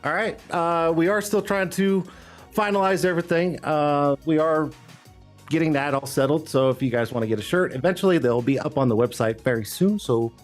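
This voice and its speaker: A man's voice: a little high, moderate pace. Rambling, hyped live stream host man. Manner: loose, rambling, hype talk with frequent "uh" and laughs. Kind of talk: casual live stream chat. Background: faint background music.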